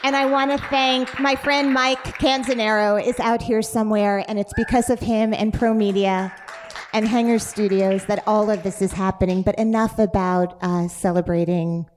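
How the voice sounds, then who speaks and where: A woman hosts a live podcast taping on stage, her talk playful and chatty. She laughs easily as she jokes with her guest, and her voice sits at an ordinary middle pitch. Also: fairly even intonation, moderate pace, a little hiss or hum. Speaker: podcast host. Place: stage before a live audience.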